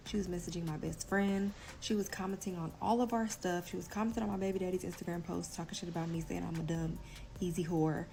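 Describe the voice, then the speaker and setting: A woman's voice: on the low side, gravelly, darkish tone, poor audio. A young woman speaking tells a story straight to camera in a casual, candid vlog. Her speech is loose and profane, packed with "like" fillers, with a faint hum of room ambience behind her. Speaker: vlogger telling a personal story.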